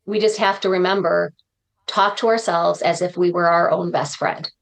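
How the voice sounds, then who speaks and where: A woman's voice: fairly low pitch, steady tone, moderate pace, gravelly. Earnest woman speaker sharing uplifting lessons. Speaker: guest, motivational speaker. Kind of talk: podcast interview conversation.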